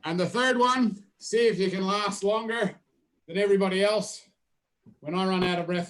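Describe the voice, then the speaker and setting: A man leading a drama workshop, talking participants through a physical and vocal warm-up with steady, repetitive cues and playful asides. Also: sits high, normal speed. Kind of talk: guided warm-up instructions.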